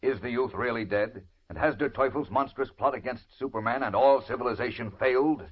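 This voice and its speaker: A man's voice: medium pitch, a little fast, slightly rough. A man narrating a 1940s radio adventure serial in a dramatic, suspenseful manner. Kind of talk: scripted narration. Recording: muffled old radio broadcast.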